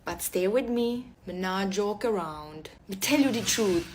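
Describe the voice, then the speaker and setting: A woman vlog host speaking learner's Jamaican Patois slowly and deliberately, concentrating on the accent. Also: mid-range voice, lively intonation, a little hiss or hum. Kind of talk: casual vlog talk, attempting Jamaican Patois.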